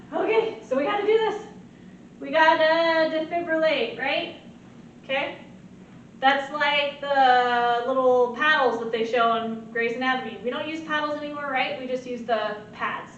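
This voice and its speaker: A woman teaching a nursing lecture in an animated way, often checking in with "right?". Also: high voice, a little hiss or hum. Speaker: nursing instructor. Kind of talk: recorded lecture. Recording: very echoey, distant, muffled.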